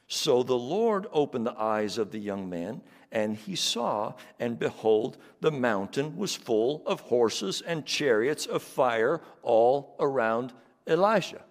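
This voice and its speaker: A man's voice: mid-range voice, lively intonation, takes it slowly, gravelly. Man preaching in a reverberant hall. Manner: preaching with rising emphasis and repeated phrases. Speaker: pastor. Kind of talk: sermon.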